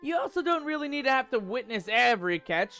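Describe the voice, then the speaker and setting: A man's voice: very high voice, big pitch swings, fast talker, sharp tone, faint music behind, pitched above the performer's own voice, exaggerated voice. A man voicing an eager young farm boy bug scout, reading game dialogue aloud in an earnest, pleading way. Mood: coaxing.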